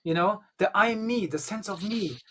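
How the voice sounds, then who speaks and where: Speaking at a normal speed in a high voice, with a slight hiss or hum in the audio, this man is a guest and Gnostic bishop. He tells a long, rambling anecdote in relaxed conversation, filling it with plenty of "you know" and "um."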